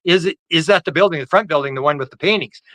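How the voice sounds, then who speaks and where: A man appears as a guest UFO researcher in a video-call interview, animatedly telling a story with constant restarts and stammers, acting out quoted lines in a raised voice. His voice is a little high, quick, pushed and bright, with no echo but a rough recording through the call microphone.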